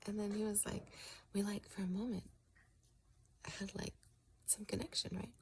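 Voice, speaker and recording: A woman telling a long story casually, often dropping into a soft whisper and pausing with halting fillers. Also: mid-range voice, fairly even intonation, creaky, slight background noise.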